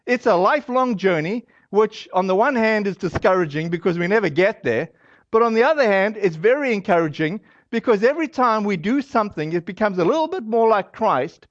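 A man giving a relaxed, conversational sermon, full of fillers and lively asides. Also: high voice, fairly quick, dry recording. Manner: casual and animated, acts out quoted voices, many fillers. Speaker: preacher. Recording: dry, dull lo-fi audio.

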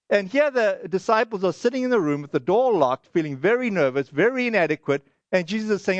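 A man's voice: high-pitched, expressive, brisk, no echo, highs cut off. A man preaching a sermon as pastor, earnest and conversational, often restarting and acting out little quoted asides.

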